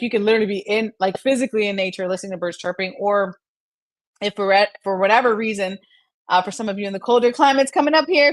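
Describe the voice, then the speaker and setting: A woman's voice: medium pitch, no echo. Chatty woman hosting a live stream. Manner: chatty and encouraging, laughs often, calls the audience "y'all". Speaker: host of a live mental health segment. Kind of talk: live-stream chat answering viewer comments.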